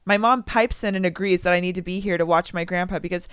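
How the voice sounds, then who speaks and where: A woman's voice: fairly low pitch, steady tone, quick pace, clean tone, no room sound, studio quality. A young adult woman co-hosting a podcast, reading a listener's story aloud in casual chat and breaking off to joke and comment. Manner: chatty, breaks off to joke and comment, acts out quotes loudly.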